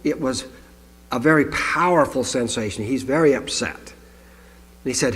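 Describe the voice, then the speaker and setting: A man's voice: medium pitch, unhurried, pauses often, a bit bright. Man preaching in a reverberant hall. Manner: conversational teaching, reading scripture aloud with asides. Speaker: pastor. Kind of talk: sermon. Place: congregation hall.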